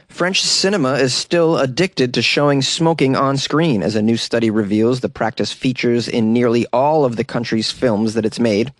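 A sarcastic American news commentary host reads news items aloud and riffs on them casually, laughing often. His medium-pitched, slightly bright voice comes through as clean studio sound with no echo.

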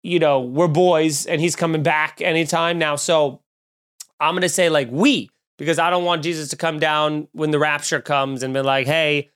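A young man with a somewhat higher-pitched voice co-hosts a loose comedic chat. He riffs with sarcasm and profanity and slips into mock voices as he goes. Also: fairly even intonation, moderate pace, a bit bright, smooth. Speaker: podcast co-host.

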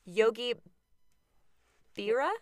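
A woman's voice: fairly high pitch, slow pace, heavy background noise. A woman co-hosting a podcast in casual chat, giggly and stumbling over names as she reads. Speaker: podcast co-host.

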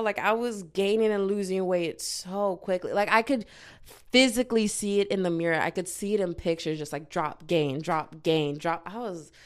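A woman's voice: mid-range voice, a little fast. A young woman talking candidly in a casual confessional vlog, rambling with lots of filler "like"s and self-mocking asides. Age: young adult. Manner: rambling, heavy use of "like", self-mocking outbursts. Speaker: vlogger. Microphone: own microphone.

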